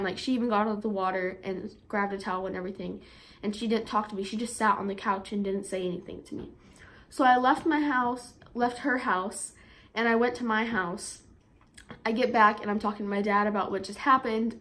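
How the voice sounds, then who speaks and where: A young woman vlogger telling a story in a chatty way, with lots of fillers, and getting animated when she quotes herself. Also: fairly high pitch. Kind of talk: storytime vlog.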